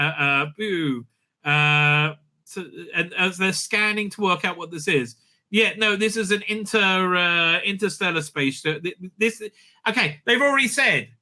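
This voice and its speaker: A man's voice: sits high, bright, forceful tone. A man hosting a casual spoken review, sarcastic and crude, with many hesitant fillers. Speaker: show host, reviewer.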